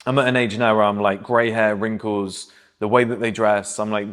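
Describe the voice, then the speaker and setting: A man's voice: on the low side, level tone, moderate pace, a bit bright. A man, giving blunt, emphatic dating advice in a casual, conversational monologue. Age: 30s.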